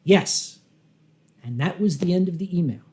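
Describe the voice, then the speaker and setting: A man telling a humorous story live, dry and wry, with dramatic pauses, acting out his own rehearsed lines and clearing his throat often. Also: sits high, lively intonation, mellow. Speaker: convention storyteller.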